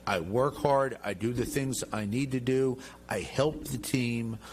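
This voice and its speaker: A middle-aged man with a medium-pitched voice speaks unhurriedly as a guest congressman in an interview. His manner is emphatic, boastful and jovial.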